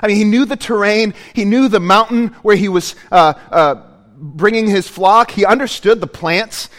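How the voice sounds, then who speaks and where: High-voiced man preaching in a reverberant hall. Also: normal speed, fairly bright tone. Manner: earnest, storytelling with emphatic repetitions. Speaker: pastor. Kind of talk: sermon.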